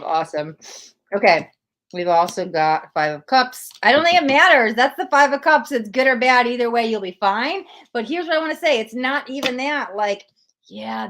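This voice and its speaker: A woman's voice: medium pitch, a bit bright, slight background noise. A young woman hosting a live-stream tarot reading, emotional and gushing as she talks straight to her viewers.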